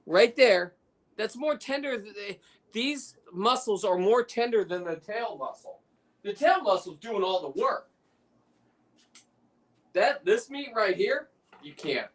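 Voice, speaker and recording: High-voiced man talking away from the mic. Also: lively intonation, slow pace, pauses often, far from the mic. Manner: chatty, rambling, demonstrating as he works. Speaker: guest on a fishing livestream, lobster preparer. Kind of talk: casual chat while demonstrating.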